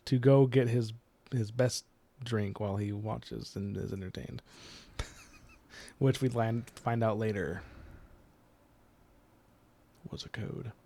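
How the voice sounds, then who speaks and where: A man's voice: mid-range voice, mellow, no echo. A man co-hosting a casual book discussion podcast, laughing often and acting out characters' lines. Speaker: podcast co-host.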